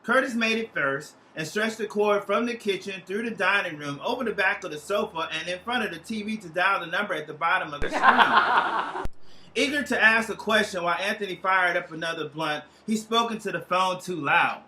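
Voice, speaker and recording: A man performing a comic short story aloud, playful and lively, tossing in profanity with relish. His voice is strikingly bright and sits high for a man. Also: moderate pace, a little hiss or hum, rough recording. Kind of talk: humorous literary reading.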